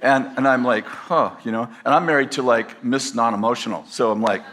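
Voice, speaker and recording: A man's voice: mid-range voice, steady tone, a little fast, fairly bright tone. Chatty man telling a story from the pulpit. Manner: conversational, rambling, self-deprecating humor. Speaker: pastor. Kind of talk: storytelling sermon to a live audience. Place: campus teaching session.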